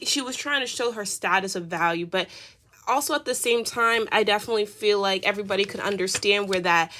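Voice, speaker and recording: Woman, tarot reader, casual reading, chatty, rambling, lots of fillers, mid-pitched voice. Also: a bit bright.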